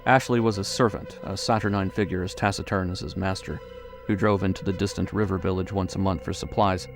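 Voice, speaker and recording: A man narrating a horror audiobook in a measured, suspenseful way. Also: sits low, steady tone, over music.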